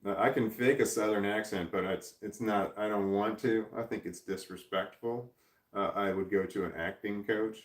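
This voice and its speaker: Low-voiced man rambling in a roomy room. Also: steady tone, moderate pace, distant mic. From United States. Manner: rambling, thinking aloud, trailing off and restarting. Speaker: livestream host. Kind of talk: casual live chat reading viewer comments.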